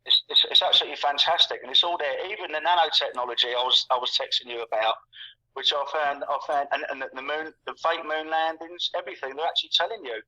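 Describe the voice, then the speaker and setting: A man's voice: fairly high pitch, fairly even intonation, fast talker, pushed and bright. A man in his sixties from England, a guest talking casually and ramblingly, repeating words and stacking fillers. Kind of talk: casual conversation. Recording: muffled, lo-fi call audio.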